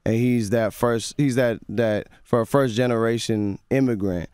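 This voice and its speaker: A man's voice: medium pitch, moderate pace, clean tone, dry recording. Young man chatting in a dry radio studio. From grew up partly in Nigeria and the US. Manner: relaxed, storytelling, many restarts. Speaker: guest musician. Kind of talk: casual radio interview chat. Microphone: studio mic.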